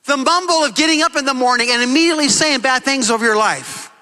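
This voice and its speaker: Middle-aged male pastor, sermon delivery, very high bright voice, emphatic and repetitive. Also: quick pace, smooth, poor audio. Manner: emphatic, repetitive preaching with acted-out quotes.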